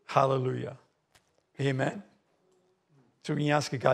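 A man with an Australian accent preaching a sermon as pastor, rising to emphatic, loud phrases. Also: mid-range voice, little pitch movement, moderate pace, gravelly, long pauses. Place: church hall.

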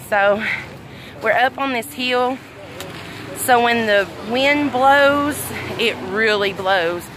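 A middle-aged Southern woman from Arkansas talks in an unhurried, drawn-out way, her voice sitting a touch high. She chats warmly to her viewers from outdoors, slightly out of breath, with a phone mic at arm's length and faint wind and traffic behind her. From Arkansas, USA. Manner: chatty, affectionate, reads comments aloud, frequent laughs. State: a little out of breath. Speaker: livestream host. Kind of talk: casual livestream chat. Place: outdoors at a fireworks tent after a storm. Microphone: phone held at arm's length.

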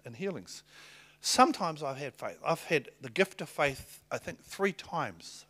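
A middle-aged man preaching a sermon, telling stories in a lively, excitable way and laughing between lines. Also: medium pitch. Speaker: pastor. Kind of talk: sermon with storytelling.

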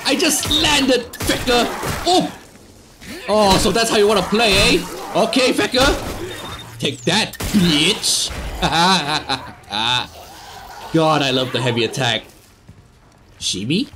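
High-voiced man screaming through a horror game. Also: animated, slow, music in the background. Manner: sarcastic, screams and swears at scares. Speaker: gaming YouTuber. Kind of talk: let's play commentary.

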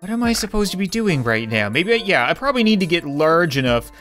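An excitable young man with a high-pitched voice narrates his own gameplay, cheering and groaning at the screen. He chats to himself and reads the on-screen text aloud. Faint music plays behind him. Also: fast talker. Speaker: gaming channel host. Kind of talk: let's play commentary.

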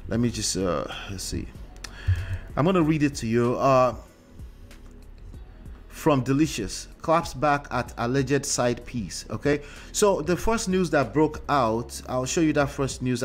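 A man's voice: medium pitch, slight background noise. A man hosting a relationship commentary show in a casual monologue, talking conversationally with frequent "right?" tags and fillers.

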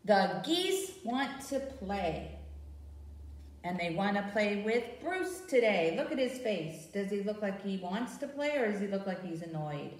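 A slow, animated woman's voice swoops up and down in a sing-song way as she leads babies through rhymes and a picture book. She sits a little back from the mic, so her voice lands in a roomy space. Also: mid-range voice. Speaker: children's librarian leading baby storytime. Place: library program room. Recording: roomy sound from a distance.

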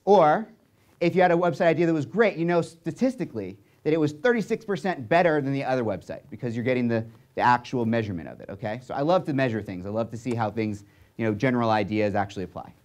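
A young man speaking to an audience, telling a story in an animated way and checking in often with "right?" and "okay?". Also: mid-range voice, fast talker.

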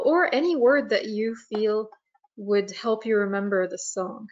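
A woman presents an online webinar in a slow, hesitant way, filling her pauses with "um" and "uh". Her voice sits a little high. The sound comes through a dull, lo-fi computer mic. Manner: slow, hesitant, many fillers. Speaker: nature preserve staff presenter.

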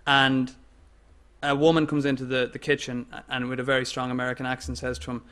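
A man with an Irish accent giving an academic lecture in a measured way, with fillers and restarts. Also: mid-range voice, monotone, a bit bright, smooth. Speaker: guest lecturer.

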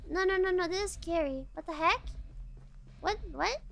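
A woman's voice: very high voice, a little slow, gravelly, pauses often. A woman streaming a game from home, chatting casually and shrieking whenever she gets startled. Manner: excitable, jumpy, shrieks when startled. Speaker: VTuber streamer. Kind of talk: casual gameplay commentary.

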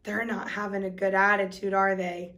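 A woman teaching a preschool Sunday school class, speaking slowly with exaggerated, sing-song emphasis for small children. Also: mid-range voice, little pitch movement, bright, forceful tone, distant mic.

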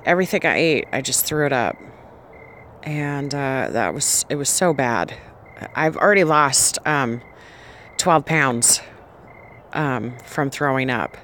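A woman's voice: a bass voice, expressive, takes it slowly, long pauses, fairly bright tone, a little hiss or hum. A pregnant woman vlogger giving an earnest, rambling personal faith testimony, often restarting her sentences.

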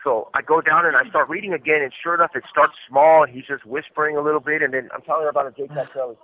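A man's voice: a little high, fairly even intonation, fast talker. A man calling from prison, telling a long story in a loose, rambling way full of fillers and laughs. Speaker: caller from prison. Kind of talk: casual storytelling on a call. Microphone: prison phone handset. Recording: tinny prison phone line.

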